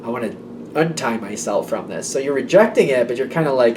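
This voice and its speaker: Speaking a little quickly and expressively at medium pitch, a man does a laid-back tarot reading against background noise. He meanders, revises what he says, and frequently puts imagined thoughts into his client's mouth.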